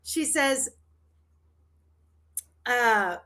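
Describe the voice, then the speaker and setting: Slow, rambling woman hosting a livestream. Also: fairly high pitch, animated, pushed and bright. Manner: rambling, trailing, laughs often. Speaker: livestream host. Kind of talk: casual livestream chat.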